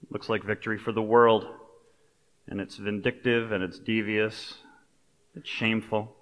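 A man preaching a sermon as a pastor, in a relaxed, conversational way with personal stories and asides. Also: lowish voice, moderate pace. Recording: long reverb of a large hall.

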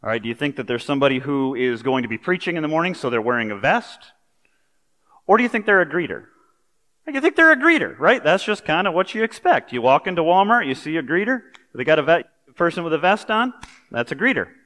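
A man's voice: on the high side, quick pace, long reverb tail. A man preaching a sermon in a conversational, storytelling way, with everyday asides. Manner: conversational, animated storytelling with pop culture asides.

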